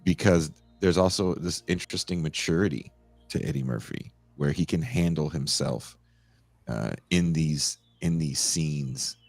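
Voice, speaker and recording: A man's voice: very deep voice, vocal fry, dry recording, soft background music. A man hosting a podcast, chatting casually and animatedly about old movies. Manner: animated, laughing, quick asides. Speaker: podcast host.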